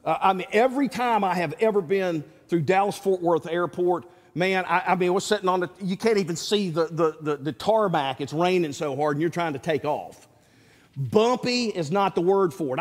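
Male pastor, folksy storyteller, high and lively voice, long hall reverb. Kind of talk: sermon.

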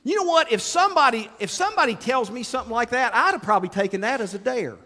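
A male pastor preaching an animated sermon to his congregation, acting out the quotes he tells and calling out to people in the pews. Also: extremely high pitch, fairly quick, few pauses. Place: church sanctuary. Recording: long reverb of a large hall.

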